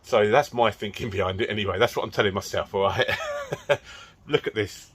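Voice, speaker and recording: A man's voice: fairly low pitch, fairly quick, fairly bright tone, slightly rough. Chatty man fixing his car. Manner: chatty, frustrated, swears and laughs at himself. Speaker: car modding vlogger. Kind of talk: casual DIY car vlog. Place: garage, working under a car. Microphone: camera close to his face under the car.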